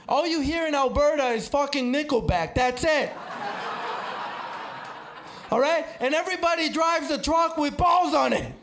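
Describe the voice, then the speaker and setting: A man from El Salvador doing a stand-up comedy set, brash and punchy, shouting his punchlines to the crowd. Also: very high-pitched, normal speed, long pauses, slight background noise. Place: comedy club stage with live audience.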